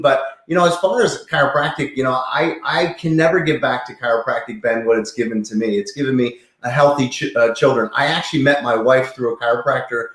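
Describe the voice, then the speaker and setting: A man's voice: medium pitch, echoey room. A man in his fifties, a chiropractor, talking earnestly and enthusiastically as an interview guest, often restarting his sentences. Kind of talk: casual interview talk.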